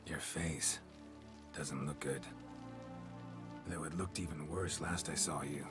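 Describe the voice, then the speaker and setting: An actor playing a laconic middle-aged witcher in a video game, speaking in a very deep, gravelly, flat voice. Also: takes it slowly, music in the background. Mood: dry.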